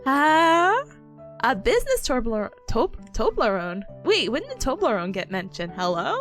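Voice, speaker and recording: A woman's voice: fairly high pitch, sing-song, measured pace, fairly bright tone, soft background music. A young woman streaming as a VTuber, chatting casually with her chat, giggly and bubbly, talking with a smile.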